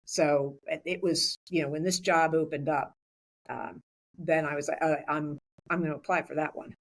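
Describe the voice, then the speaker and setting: A woman's voice: low-pitched, steady tone, normal speed. A woman in her sixties, a school superintendent, talking in a chatty way with many restarts in a podcast interview. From Philadelphia area, USA.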